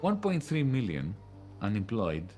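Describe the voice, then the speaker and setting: A very low-voiced middle-aged man narrates his own account, measured and unhurried, stopping now and then to search for words. Music plays clearly beneath him. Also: wildly swooping pitch. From Greece. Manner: measured storytelling with pauses and fillers. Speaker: documentary narrator. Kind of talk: first-person documentary narration.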